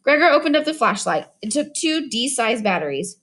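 A woman narrating an audiobook in an expressive storytelling manner, doing voices for each character. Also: fairly high pitch, moderate pace.

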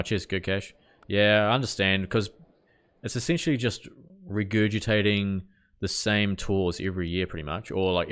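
This Kiwi gaming streamer has a low, clear, resonant voice. He chats casually during a live stream, reacting to the game and answering what viewers send in.

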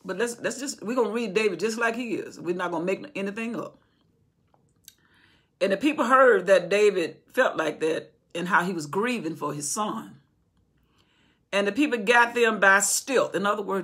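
A woman's voice: mid-range voice, lively intonation, normal speed, long pauses, fairly bright tone, slightly rough. A woman teaching an informal Bible study indoors, talking conversationally with rhetorical questions and frequent restarts. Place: indoor room with candles.

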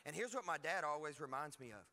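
A man preaching a lively sermon as pastor, emphatic and energetic with frequent asides. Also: fairly high pitch, quick pace, long reverb tail. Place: church hall.

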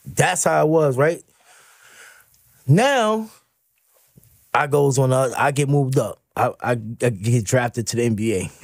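A man telling stories on a podcast, animated, laughing often and acting out the people in his stories. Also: mid-range voice, gravelly, dry recording, clean studio sound. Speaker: podcast guest. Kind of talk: casual storytelling.

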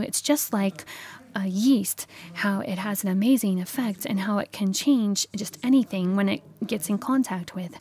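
A woman delivers a church sermon in a casual, halting way, full of small hesitations and self-corrections. Her voice sits at an ordinary middle pitch for a woman. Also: darkish tone. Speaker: preacher.

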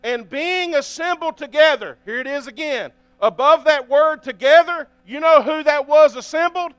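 A man's voice: very high-pitched, moderate pace, fairly bright tone, no room sound. A man preaching a sermon as pastor, reading scripture aloud and often asking the congregation for an amen. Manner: reads scripture aloud between remarks.

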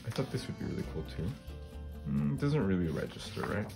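A middle-aged man with a lowish, creaky voice talks fast over music, his pitch swinging widely. The collage artist and channel host casually demonstrates a craft, thinking aloud as he goes and often closing remarks with a questioning "right?".

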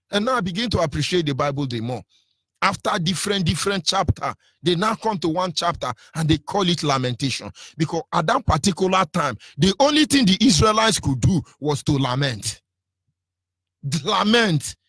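A man's voice: fairly high pitch, a bit bright, slightly rough, no echo, clean studio sound. A man with a Nigerian accent giving an impassioned, preacherly radio talk, fiery and defiant. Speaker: radio broadcaster.

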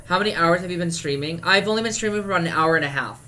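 A man's voice: high-pitched, very fast, few pauses, pushed and bright, slight background noise. A drag queen game streamer, chatting casually and sassily with viewers between lines. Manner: chatty, sassy asides to chat.

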